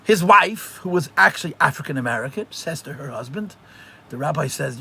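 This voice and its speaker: A man, a rabbi, teaching a live religious class and telling stories in an animated way, often repeating phrases for emphasis. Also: a little high, fairly quick, gravelly, slightly rough.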